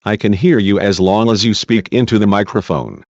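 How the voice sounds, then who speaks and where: A man reading a male defense lawyer's questions, measured and reassuring, in a dull lo-fi recording. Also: lowish voice, fairly even intonation, no echo, close to an everyday voice. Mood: courteous. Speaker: cross-examining lawyer.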